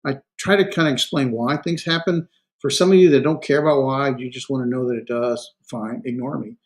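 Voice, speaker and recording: A man with a middle-pitched voice gives a recorded classroom lecture on grammar. His talk is loose and full of "uh" and self-corrections. He slows down sharply when he sounds out example words one syllable at a time. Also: rough recording. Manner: frequent fillers and self-corrections, explanatory. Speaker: Hebrew instructor.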